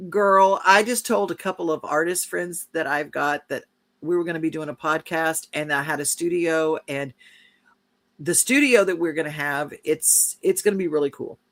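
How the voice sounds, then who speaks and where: A woman's voice: sits low, normal speed, fairly bright tone. A woman co-hosting a podcast, talking enthusiastically in casual chat about travel and upcoming plans. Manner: enthusiastic, promotional. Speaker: podcast co-host.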